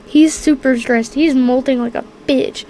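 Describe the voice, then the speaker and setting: Woman game master, high voice, slow and halting narration. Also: fairly even intonation, dark tone, slight background noise, rough recording. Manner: hesitant, searching for words.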